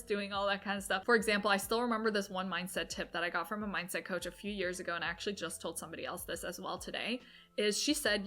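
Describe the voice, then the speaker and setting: A woman's voice: medium pitch, steady tone, bright, forceful tone. Upbeat chatty young woman vlogger. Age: 20s. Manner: chatty, upbeat, quick asides. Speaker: entrepreneur vlogger. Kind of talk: casual talk-to-camera advice.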